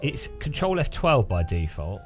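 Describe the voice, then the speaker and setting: A man's voice: on the low side, big pitch swings, normal speed, soft background music. A man streaming a game, rambling and joking with his chat in a self-mocking way. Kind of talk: casual live stream chat while gaming.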